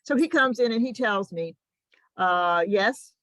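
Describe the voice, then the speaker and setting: An older woman recounts her own experience on a panel, acting out her side and the other person's as she goes. Her pitch swings widely through the story, and the sound is close and dry. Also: unhurried, dry recording, poor audio. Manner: animated, acts out both sides of a conversation. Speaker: patient panelist.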